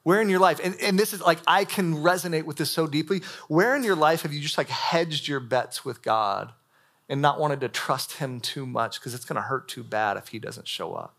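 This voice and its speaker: Young male pastor, slightly high voice, casual and animated sermon delivery in a church hall. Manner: casual, animated preaching with frequent "like" fillers. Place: church hall before a live audience.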